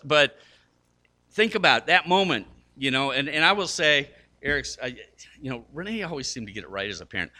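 An older man preaching a sermon in a bright, forceful voice. He tells stories with lively energy, jumping up in pitch to act out what people said, and is quick to poke fun at his own mistakes. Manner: animated storytelling, acting out quotes with big pitch jumps; self-deprecating. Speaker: pastor.

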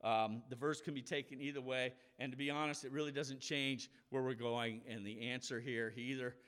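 A man's voice: mid-range voice, fairly even intonation, a little fast, fairly bright tone, smooth. Man giving a casual Bible teaching. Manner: casual, explanatory, acts out quoted voices. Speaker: preacher.

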